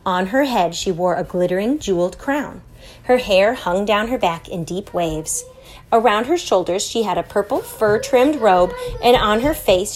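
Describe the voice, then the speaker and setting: A woman's voice: mid-range voice, slight background noise. Woman reading a storybook aloud. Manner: lively, expressive read-aloud. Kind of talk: reading a children's book aloud.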